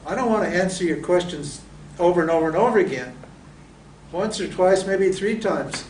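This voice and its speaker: A man's voice: high voice, normal speed, darkish tone, a little hiss or hum. Man teaching in a roomy hall. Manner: asks rhetorical questions and answers them. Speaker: Vedanta teacher. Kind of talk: lecture to students. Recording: roomy echo from a distant mic.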